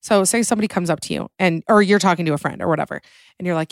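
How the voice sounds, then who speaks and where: Chatty woman podcast host, low voice. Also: fast talker, dry recording, studio quality. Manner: chatty, playful, with acted-out quotes. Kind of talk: casual podcast chat.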